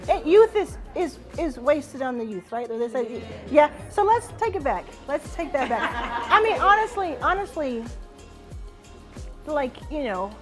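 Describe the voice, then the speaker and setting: High-voiced woman hyping up a crowd. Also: sing-song, unhurried. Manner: playful, emphatic, addresses the room loudly. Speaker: speaker on stage at a live event. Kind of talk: energetic live talk to an audience. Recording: live hall with crowd and music behind.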